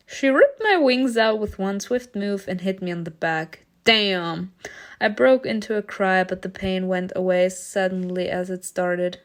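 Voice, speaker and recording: A woman's voice: medium pitch, unhurried. A young woman reading a story game aloud, breaking off with giggly, informal reactions.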